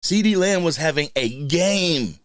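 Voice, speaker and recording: Animated man hosting a live fan stream. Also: a little high, a little slow, dry recording, clean studio sound. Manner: animated, shouts out viewers in the chat. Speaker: host of a live fan show. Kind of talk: casual live-stream chat.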